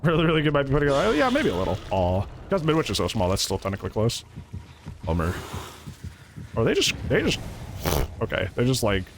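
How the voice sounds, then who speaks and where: A man's voice: medium pitch, creaky, noisy background. A man streaming a game live, chatting casually with his viewers and reacting to the match as it plays. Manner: chatty, reacts and laughs often, greets chat. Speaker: gaming streamer. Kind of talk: live gameplay commentary.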